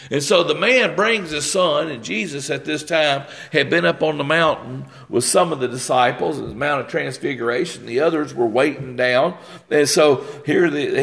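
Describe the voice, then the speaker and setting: Gravelly preaching man, halting delivery. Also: a little high, fairly bright tone. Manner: halting, repeats words, reads scripture aloud. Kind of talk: sermon.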